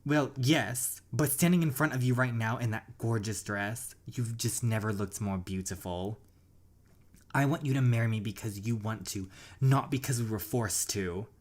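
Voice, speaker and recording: An earnest young husband speaks his heart in a romantic story game, as the gamer playing it reads his lines aloud. His delivery is sincere and tender, with steady middle pitch. It is read plainly rather than performed. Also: normal speed, close to an everyday voice. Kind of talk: reading game dialogue aloud.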